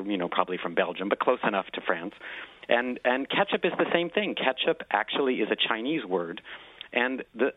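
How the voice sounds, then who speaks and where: A man's voice: fairly low pitch, dry recording. Male author on a tinny phone line. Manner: enthusiastic storyteller, lively explaining with fillers. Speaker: guest author. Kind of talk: radio interview.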